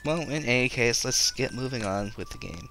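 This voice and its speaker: A man's voice: mid-range voice, normal speed, a bit bright, a little hiss or hum. A man giving casual, self-deprecating commentary while playing a game, talking to viewers. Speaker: let's play commentator. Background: game music.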